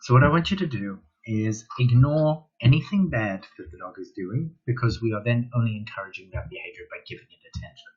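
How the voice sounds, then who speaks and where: A man runs a casual dog training workshop from home, talking straight to the camera in a chatty, offhand way. His voice is husky and sits at a middle pitch. The recording is dull and lo-fi. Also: animated, brisk, few pauses. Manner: chatty, talks straight to the viewer, swears offhandedly. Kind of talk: casual online workshop talk.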